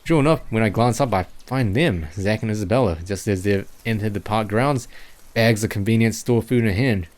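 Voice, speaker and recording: Low-voiced Kiwi streamer reading a game. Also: male voice, moderate pace. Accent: New Zealand mixed with Chinese. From New Zealand. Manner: self-correcting, stumbling over words. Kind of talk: reading a visual novel aloud with chat asides.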